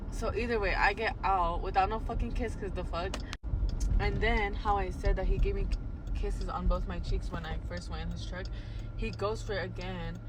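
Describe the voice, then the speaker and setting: A woman rants about a date, swearing constantly and piling on fillers like "like." Her pitch sits in an ordinary middle range. Loud noise from the surroundings runs under her voice. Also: steady tone, a little fast. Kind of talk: storytime rant to camera.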